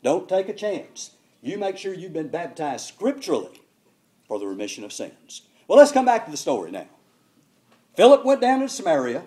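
An older man preaching a sermon, telling stories with emphatic, animated delivery. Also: a little high, normal speed.

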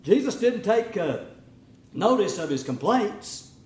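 A middle-aged man preaching a sermon in an animated way, sometimes mimicking whiny voices. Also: high voice, measured pace, reverberant. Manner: animated, acts out whining voices.

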